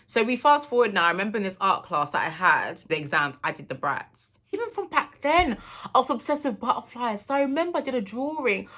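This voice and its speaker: A woman in her thirties speaks straight to her viewers in a candid, emotional monologue. Her voice sits on the low side but has a bright, forward edge. She tells her story in an animated way. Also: vocal fry. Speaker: vlogger. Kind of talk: reflective personal monologue.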